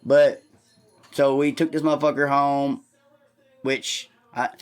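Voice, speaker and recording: A man telling a rambling, profane story on a comedy podcast. He talks loudly and swears constantly. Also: medium pitch, little pitch movement, slow, clear, resonant tone. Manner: talks loud. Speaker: podcast host.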